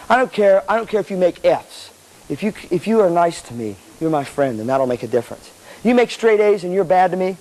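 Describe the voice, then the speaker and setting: In a hall full of students, a man gives a live motivational seminar to band members, playful and blunt, acting out people's inner voices and swearing now and then. His voice is high, very animated, fairly quick and a little mellow, on poor 1985 live cassette audio with faint audience noise and hiss.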